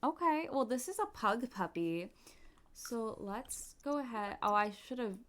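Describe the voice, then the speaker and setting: A young adult woman giving casual, bubbly commentary while playing a life-sim game, gushing with quick asides and giggles. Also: on the high side, big pitch swings, fairly bright tone. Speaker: gaming YouTuber.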